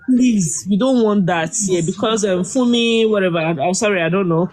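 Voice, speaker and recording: A man's voice: high-pitched, moderate pace, a little mellow. A man with a Nigerian accent, moderating a live audio room in a hesitant, apologetic way.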